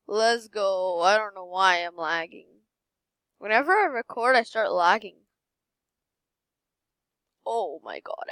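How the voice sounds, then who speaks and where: A young woman giving excited gameplay commentary at her computer, giddy and squealing, repeating herself over and over. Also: medium pitch, a little slow, clear, resonant tone, no echo, rough recording. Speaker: gaming youtuber. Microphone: desktop mic, no webcam.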